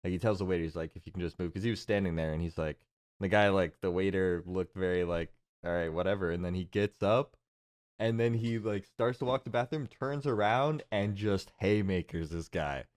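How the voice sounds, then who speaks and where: Low-voiced young man rambling through a story. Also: moderate pace. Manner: rambling, laughing storyteller with many fillers. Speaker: podcast co-host. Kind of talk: casual storytelling chat.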